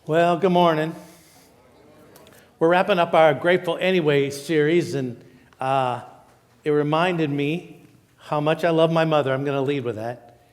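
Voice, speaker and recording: A man preaching a sermon as pastor, telling a funny story in a lively, animated way. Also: a little high, a little slow, pauses often. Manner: storytelling, animated, quotes people in raised voice. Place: church auditorium. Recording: live church hall with long reverb.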